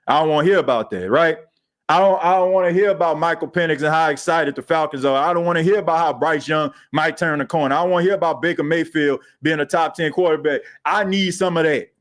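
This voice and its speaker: Animated high-voiced sports podcast host. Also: male voice, fairly quick. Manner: animated, slangy, reads chat comments aloud. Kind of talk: casual sports commentary.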